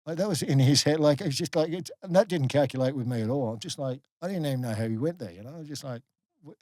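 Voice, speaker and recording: A middle-aged Australian man, a guest on a podcast, telling a personal story candidly, halting and restarting often. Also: on the high side, a little mellow, no room sound. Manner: halting, many restarts, earnest. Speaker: guest, former rugby league player.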